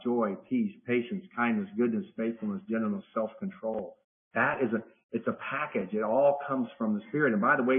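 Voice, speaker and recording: A man leading a Bible study lesson, talking conversationally and often restarting phrases as he teaches a group in person and remotely. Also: medium pitch. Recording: phone-like narrow audio.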